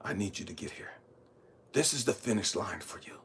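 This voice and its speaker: A man voicing God, hushed and low. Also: expressive, moderate pace, slight background noise. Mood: patient guiding. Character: God, calm patient guiding divine voice.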